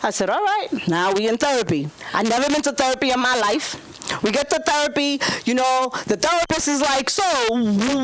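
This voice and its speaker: A woman in her thirties doing a brash, profane stand-up set at an open mic, jumping into squealing high voices for the people she quotes. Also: lively intonation, moderate pace, rough recording. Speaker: stand-up comedian. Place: comedy club stage.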